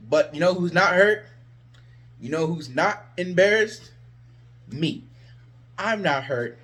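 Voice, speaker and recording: A man's voice: a little high, expressive, slow, pauses often, a bit bright. A man ranting about his team in a sarcastic, exasperated vlog. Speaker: sports vlogger. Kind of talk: ranting fan commentary.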